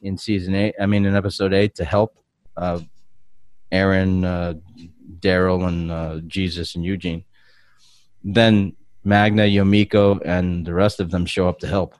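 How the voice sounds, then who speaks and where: Man, podcast host, very low voice, rambling casual chat, dry close sound. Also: little pitch movement, a little slow, darkish tone, dry recording. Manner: rambling, hesitant recap with many fillers.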